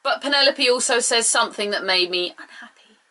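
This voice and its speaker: Chatty young woman rambling through a review, bright clear voice. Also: on the high side, brisk. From England. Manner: chatty, opinionated, rambling asides. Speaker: video reviewer. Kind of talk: casual vlog review.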